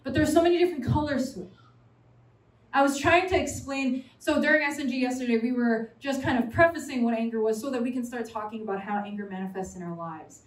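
High-voiced young woman preaching from afar. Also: quick pace. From New York City. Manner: animated, chatty, jokes with the audience. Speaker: preacher at a college fellowship. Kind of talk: sermon. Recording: roomy sound from a distant mic.

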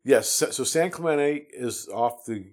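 A man's voice: medium pitch, expressive, unhurried, a little mellow. A man in his fifties from the United States, telling his Navy stories in a casual, rambling way with many restarts and fillers. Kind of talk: casual storytelling.

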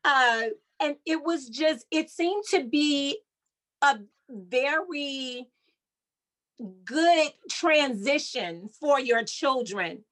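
A woman's voice: high voice, expressive, very slow, fairly bright tone, low-quality recording. A woman interviewing a guest, affirming and asking thoughtful questions.

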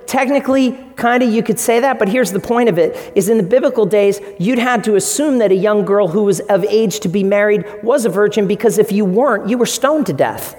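A man preaching a sermon as pastor, energetic and playful, speaking directly to the congregation. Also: high voice. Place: church sanctuary. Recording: long reverb of a large hall.

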